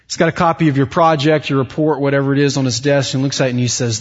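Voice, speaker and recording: Preacher with hall reverb, dull sound. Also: male voice, level tone, fast, few pauses. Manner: swings from hushed to loud, rising high when acting out inner voices. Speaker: pastor. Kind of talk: sermon.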